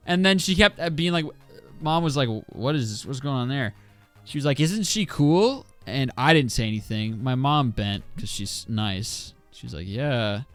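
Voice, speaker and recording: A young man streaming a game, chatting and telling a story with lots of swearing and high-pitched impressions of others. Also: smooth, no echo. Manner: animated, swears freely, jumps into high mimicking voices. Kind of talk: casual live-stream storytelling while gaming. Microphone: desk mic.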